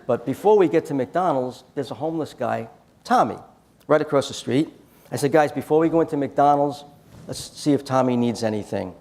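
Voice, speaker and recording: A man's voice: medium pitch, animated, fairly quick, darkish tone. A man giving a storytelling talk at a church conference, acting out quoted dialogue in his anecdotes. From United States.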